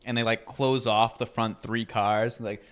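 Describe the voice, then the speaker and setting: A man's voice: medium pitch, little pitch movement, a little slow, fairly bright tone, slight background noise. A man in casual podcast chat, chatty and giggly, who hedges with ums. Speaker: podcast guest talking about trains.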